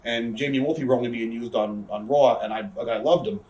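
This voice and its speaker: A man's voice: mid-range voice, steady tone, fast, darkish tone, distant mic. A man, telling rambling, profane backstage stories in a casual interview. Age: 30s. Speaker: interview guest, wrestler. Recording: echoey room, off-mic.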